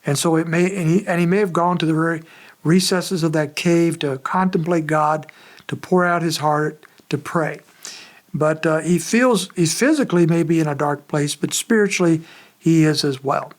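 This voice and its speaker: A pastor giving an expository sermon in a conversational, measured way, pausing often as he explains the text. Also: a little high. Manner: conversational, measured preaching with frequent pauses.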